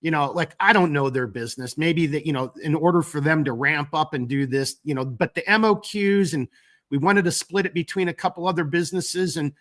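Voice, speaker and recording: A man with a slightly higher voice who is getting over a cold. He hosts a casual live stream, chatting loosely and working through viewer comments. His talk rambles, with lots of "you know" and "like" and the odd curse word. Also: brisk, fairly bright tone. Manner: rambling, loose and chatty, with frequent fillers and mild cursing. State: fighting a cold. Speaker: gear company owner hosting a live stream.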